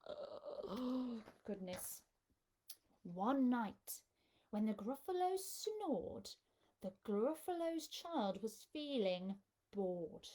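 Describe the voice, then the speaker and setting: A woman children's entertainer reading a picture book aloud in a live storytime, expressive and coaxing the children to join in. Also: on the high side, drawn-out words.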